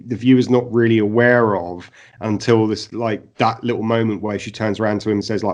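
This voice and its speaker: Casual co-host: man, fairly low voice, animated, lots of fillers and restarts. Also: a little fast, hardly any pauses. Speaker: podcast co-host. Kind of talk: casual TV review chat.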